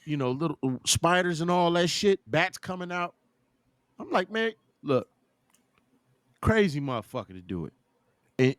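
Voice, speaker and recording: A man hosting a loose podcast chat, swearing freely and breaking into laughter. His pitch jumps around with lively energy. The sound is dry and close. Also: no echo. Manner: profane, animated, laughs often. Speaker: podcast host.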